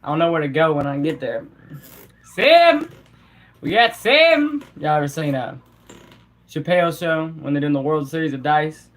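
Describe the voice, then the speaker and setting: Here a streamer addresses the chat casually, with plenty of slang and quick chuckles mixed in. The voice holds a medium pitch and never leaves its calm, conversational mood.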